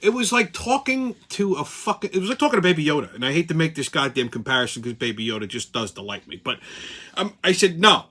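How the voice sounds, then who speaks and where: A man's voice: a little high, very animated, fast, fairly bright tone. A man hosting his own channel, telling a heated, profane story in a casual rant. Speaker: channel host.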